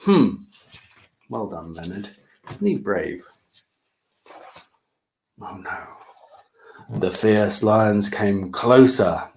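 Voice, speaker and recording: A man reading aloud to small children at storytime, animated and inviting them to join in. He speaks very slowly, and his pitch swings widely. He leaves lots of room for the children to respond. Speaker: author reading his picture book.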